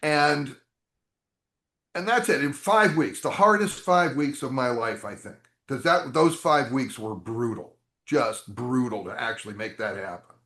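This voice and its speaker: Animated chatty man, roomy sound. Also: mid-range voice, measured pace. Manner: animated, chatty, rambling asides. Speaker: interview guest, game designer. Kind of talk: storytelling interview answers. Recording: roomy echo.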